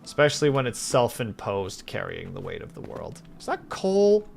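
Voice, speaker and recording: A man's voice: medium pitch, wildly swooping pitch, moderate pace, creaky, a little mellow, faint music behind. A man streaming a game, chatting casually with his viewers while he plays and hopping between the game and replies to chat.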